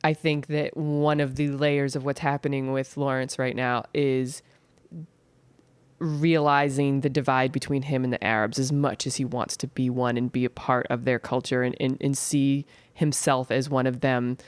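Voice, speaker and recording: A man's voice: medium pitch, level tone, normal speed, clear, resonant tone, dry recording. A man in a casual film podcast, thinking aloud reflectively about a character's meaning. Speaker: podcast co-host.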